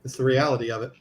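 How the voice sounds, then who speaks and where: A man's voice: medium pitch, slight background noise. A man talking casually and bluntly about aquarium fish and online channels, laughing often. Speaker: aquarium YouTuber. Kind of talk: casual live-stream chat.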